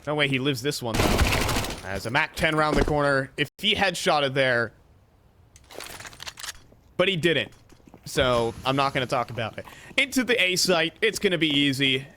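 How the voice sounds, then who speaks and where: A man calling a live esports match with quick, playful, teasing banter. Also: fairly high pitch, animated, bright, forceful tone, a little hiss or hum. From North America. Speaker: esports commentator. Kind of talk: live play-by-play commentary.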